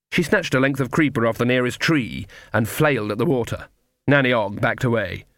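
A man narrating an audiobook in a measured, wry storytelling manner. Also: mid-range voice, expressive, a bit bright, no room sound, clean studio sound. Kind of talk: scripted narration.

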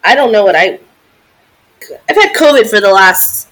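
A woman's voice: mid-range voice, expressive, normal speed, fairly bright tone. A woman in her forties, co-hosting a podcast in casual chat, talking in a chatty, sympathetic way with many fillers. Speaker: podcast co-host.

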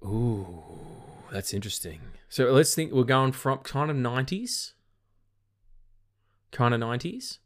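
A man's voice: medium pitch, expressive, a little slow, pauses often. A tired man with an Australian accent, co-hosting a film podcast in a rambling, casual way. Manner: rambling, with frequent restarts and swearing. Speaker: podcast co-host. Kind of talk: casual chat.

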